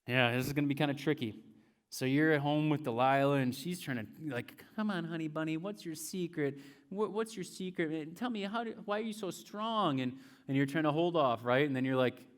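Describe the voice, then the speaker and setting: A man retelling a scripture story as a youth pastor, casual and chatty, speaking to his listeners as "you". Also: mid-range voice. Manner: casual, chatty, tells it in second person. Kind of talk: storytelling sermon to students.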